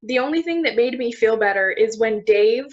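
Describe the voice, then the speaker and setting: A woman's voice: a little high, lively intonation, normal speed. A young woman co-hosting a casual chat, talkative and self-deprecating, laughing often. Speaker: podcast co-host. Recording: dull lo-fi recording.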